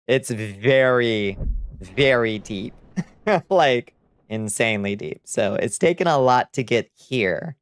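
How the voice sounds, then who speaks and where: A man's voice: mid-range voice, takes it slowly, clear, resonant tone. A man streaming live, chatting casually with viewers, reading out chat and laughing often.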